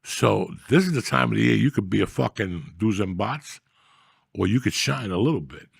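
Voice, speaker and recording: Gravelly, profane man ranting loudly. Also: lowish voice, moderate pace, no echo, studio quality. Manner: profane, loud, animated storytelling. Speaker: podcast host. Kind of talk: casual comedic rant.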